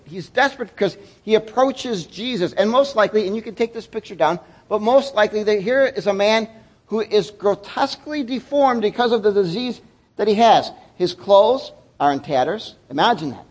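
A man pastor giving a sermon, telling the story in an animated way and acting out voices, with casual slang. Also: sits high, moderate pace.

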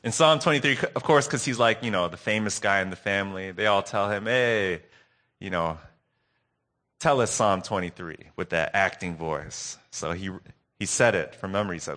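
A man preaching a sermon recap, earnest and telling a story with dramatic pauses. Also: lowish voice, pushed and bright.

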